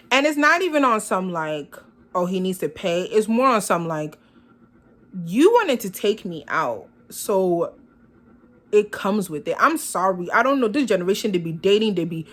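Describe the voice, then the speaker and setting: A woman's voice: medium pitch, a bit bright. A young woman vlogger telling a storytime in a sassy, dramatic way, acting out both sides of the conversation.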